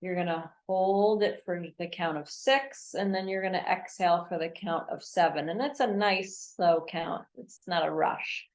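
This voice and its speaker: A woman's voice: fairly low pitch, normal speed, hardly any pauses. A woman guest practitioner explaining health techniques step by step in a casual chat. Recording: roomy echo.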